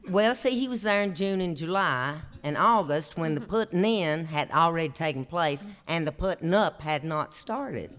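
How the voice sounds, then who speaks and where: A man's voice: a little high, lively intonation, moderate pace, hardly any pauses, fairly bright tone. Folksy Appalachian man in his sixties. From Appalachian North Carolina. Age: 60s. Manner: drawling, homespun, chuckles through his stories. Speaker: traditional singer and storyteller. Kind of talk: folksy storytelling on stage. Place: opera house stage, live show.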